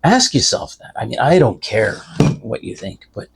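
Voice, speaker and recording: A man's voice: mid-range voice, sing-song, moderate pace, vocal fry, breathy edge. An older man talking in a folksy, rambling way, giving preachy advice from inside a car. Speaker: vlogger. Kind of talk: casual rambling talk to camera.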